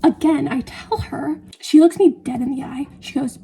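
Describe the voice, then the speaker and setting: High-voiced young woman chatting while baking. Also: moderate pace, gravelly, warm tone. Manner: rambling, self-deprecating, laughs often. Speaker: vlogger. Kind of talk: casual chatty baking vlog. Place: home kitchen.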